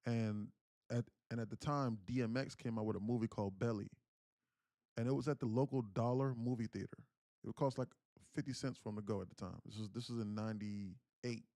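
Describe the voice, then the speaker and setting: A man in his thirties, host of a livestream, speaks candidly and earnestly while recounting a family story. His voice sits at a medium pitch. The recording is dry, with no room echo. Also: steady tone, brisk, mellow. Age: 30s. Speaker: day trading livestream host.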